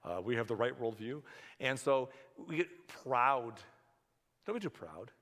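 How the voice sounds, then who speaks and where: A man's voice: mid-range voice, animated, a little slow, fairly bright tone. A man preaching a sermon as a pastor, in a conversational way, often acting out the voices of the people he talks about. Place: church sanctuary. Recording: church hall reverb.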